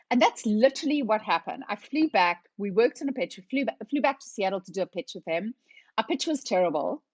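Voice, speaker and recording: A woman's voice: on the high side, brisk, husky, no echo. Middle-aged woman telling stories. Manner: lively storyteller who acts out conversations. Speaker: company founder, podcast guest. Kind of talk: casual storytelling interview.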